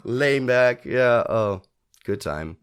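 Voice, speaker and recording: A man's voice: mid-range voice, lively intonation, takes it slowly, clear, resonant tone. A man co-hosting a podcast in casual chat, thinking aloud with frequent restarts and fillers. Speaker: podcast co-host. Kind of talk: casual chat reviewing a TV episode.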